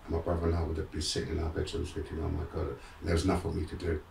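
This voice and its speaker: A man's voice: very deep voice, racing, creaky, roomy sound, far from the mic, a little hiss or hum. A middle-aged man, a guest frankly telling his life story in a streetwise way. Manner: frank, streetwise, animated in re-enacted moments. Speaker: guest, motivational speaker. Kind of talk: candid personal storytelling.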